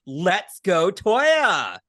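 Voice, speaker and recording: A young man co-hosts a podcast in a slightly higher voice, recorded dry and close. He chats and jokes loosely and laughs a lot. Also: wildly swooping pitch, very slow, fairly bright tone, no room sound. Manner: laughs often, chatty and joking. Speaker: podcast co-host. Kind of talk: casual group chat.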